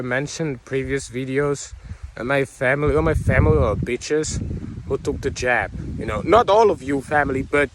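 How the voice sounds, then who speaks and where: A man delivering an angry, profane, rambling vlog rant, mocking others in quoted voices. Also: fairly high pitch. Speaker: vlogger. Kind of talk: ranting monologue to camera.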